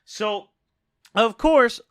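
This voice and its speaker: A young man telling a personal story on his channel, animated and exasperated, swearing freely. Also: very high voice, very slow, no echo, studio quality. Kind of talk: storytime vlog.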